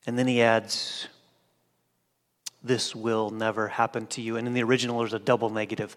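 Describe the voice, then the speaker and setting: A man preaching a sermon, swinging from loud emphatic declarations to hushed, quiet lines. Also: mid-range voice, steady tone, normal speed. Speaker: pastor. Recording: long hall reverb.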